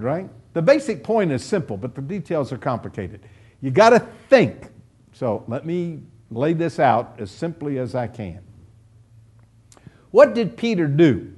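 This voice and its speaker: A male preacher teaching Bible verses in a sermon, speaking slowly and deliberately. His voice sits high and swings widely, climbing sharply on emphatic exclamations and rhetorical questions. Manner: emphatic, pounding home points with rhetorical questions.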